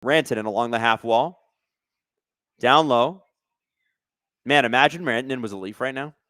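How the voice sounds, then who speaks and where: A man hosting a live hockey watch-along stream, commenting casually on the play and reading chat, excitable and sarcastic, swearing at the refs. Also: mid-range voice, normal speed, no room sound, clean studio sound.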